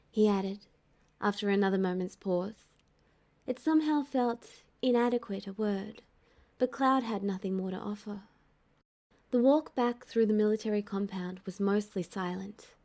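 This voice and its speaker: A woman narrating a fan-fiction audiobook in a calm, even storytelling manner. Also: medium pitch.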